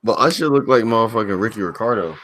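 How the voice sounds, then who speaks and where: A man's voice: fairly low pitch, lively intonation, quick pace, fairly bright tone. A man co-hosting a livestream, talking bluntly and emphatically in slang. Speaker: stream co-host. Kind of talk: casual livestream chat.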